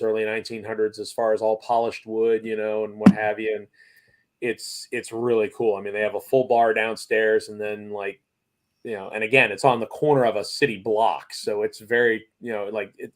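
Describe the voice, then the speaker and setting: Rambling man telling a story. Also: on the low side. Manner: rambling, animated anecdote teller who acts out quotes. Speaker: racing series guest. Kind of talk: casual storytelling.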